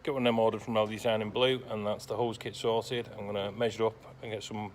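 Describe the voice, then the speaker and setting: A lowish-voiced man talks through a car restoration in his workshop. His delivery is dry and sarcastic, with deadpan grumbles set between plain, practical explanation. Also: fast talker, slight background noise. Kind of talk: workshop vlog narration.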